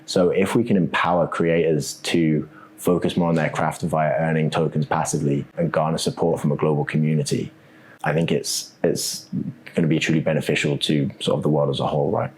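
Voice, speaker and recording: Guy with a super low voice, laid back, lots of ums and "right?" while he explains stuff. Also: fairly quick. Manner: relaxed, thinks aloud with many ums and "right?" tags. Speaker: guest, co-founder of a web3 architecture startup. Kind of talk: casual conversational interview.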